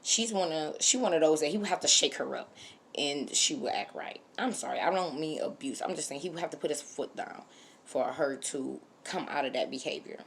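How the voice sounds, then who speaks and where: Woman, low voice, opinionated, animated, casual vlog commentary. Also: fairly quick, vocal fry, a little hiss or hum. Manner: opinionated, animated, speaks straight to viewers. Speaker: reality TV reviewer.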